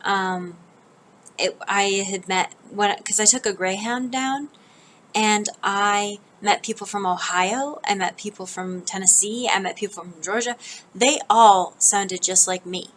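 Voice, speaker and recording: A woman's voice: medium pitch, measured pace, a bit bright, slight background noise, rough recording. A woman with a General American accent, from the northern United States, telling a rambling, casual story for her vlog with plenty of ums and restarts. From northern United States, near Canada. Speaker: vlogger.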